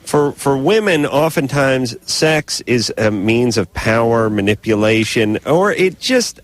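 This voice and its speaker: A man's voice: mid-range voice, expressive, moderate pace, hardly any pauses. Blunt, teasing radio host, a man. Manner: blunt, teasing, crude jokes. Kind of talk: late-night call-in advice talk.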